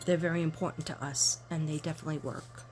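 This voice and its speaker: Chatty older woman, excitable vlogger. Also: sits low, quick pace, a little hiss or hum. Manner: chatty and excitable, gasping with delight. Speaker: tarot reader and vlogger. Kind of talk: casual unboxing chat to viewers.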